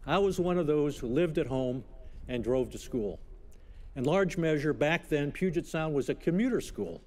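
An older man in his eighties delivering a commencement address, telling stories at a measured pace with gentle humor. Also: fairly high pitch, lively intonation. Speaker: commencement speaker. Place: outdoor ceremony stage.

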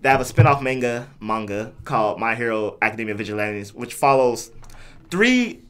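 A man co-hosting a casual podcast chat, animated and quick to laugh. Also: mid-range voice. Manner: animated, laughs often, acts out voices. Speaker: podcast co-host.

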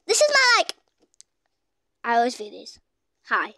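A woman giving casual, excitable gameplay commentary as a gaming YouTuber, gushing with exclamations. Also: high voice, moderate pace, no echo, studio quality.

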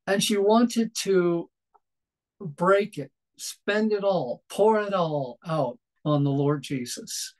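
A man preaching a sermon in a gentle, reflective way, pausing often and restarting his phrases. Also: high-pitched, rough recording.

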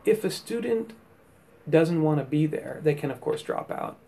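A man's voice: a little high, expressive, normal speed, gravelly, dark tone. A man and teacher giving an explanatory talk, reasoning step by step through classroom examples. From United States.

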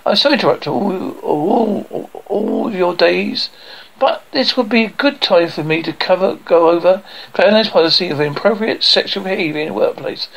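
Creaky man reading a sitcom aloud. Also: high voice, expressive, fast, fairly bright tone, rough recording. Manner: voices every part himself and reads stage directions aloud.

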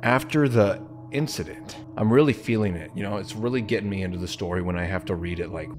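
Talking fast over music, this let's-play host has a fairly low-pitched male voice. His commentary as he plays is animated and jokey, full of sarcastic asides.

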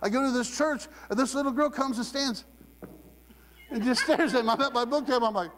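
A guest preacher with a very high-pitched, brisk voice delivers a sermon in a church sanctuary, telling humorous stories and acting out people's voices in a raised voice as an animated storyteller. The recording has long hall reverb and mains hum.

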